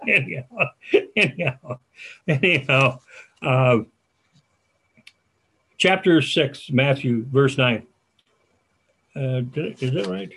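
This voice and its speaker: An older man preaching a sermon as a church elder, folksy and halting, with restarts and asides. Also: medium pitch, a bit bright, breathy edge.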